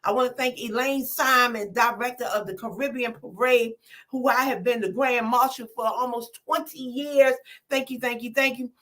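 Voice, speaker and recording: An older woman, a comedian guest making lively, emotional thank-yous in casual talk-show chat. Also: on the high side, normal speed. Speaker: comedian and community organizer, guest.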